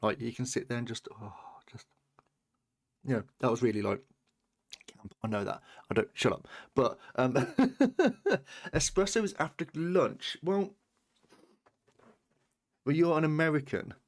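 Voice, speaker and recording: A man's voice: mid-range voice, a little slow, pauses often. A British man streaming a game, chatting casually, swearing and bantering with his chat. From Britain.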